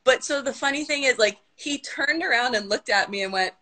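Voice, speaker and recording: A woman guest chatting casually on a live video call, telling lively anecdotes and quoting other people's voices. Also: high voice, fairly quick. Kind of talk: casual chat.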